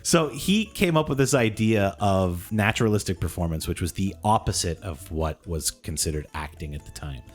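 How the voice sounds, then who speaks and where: A man with a very low, husky voice co-hosts a podcast in a loose, joking style. His pitch swings widely as he talks, and he laughs often. Faint music sits under the talk. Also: animated, moderate pace, few pauses. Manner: jokey, playful, laughs often. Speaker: podcast co-host. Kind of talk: casual podcast chat.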